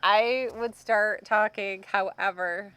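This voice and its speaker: A middle-aged woman chatting casually on a podcast. She teases her co-host and laughs a lot. Her voice is bright and forward. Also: mid-range voice, steady tone, slow, smooth. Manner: laughs often, teasing. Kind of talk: casual chat.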